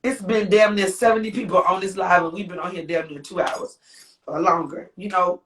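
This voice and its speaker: A woman's voice: on the low side, fairly even intonation, fairly quick, slight background noise. A woman singer and author, a guest on a live interview, speaking heartfelt and rambling, repeating herself with exclamations. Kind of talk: emotional livestream interview talk.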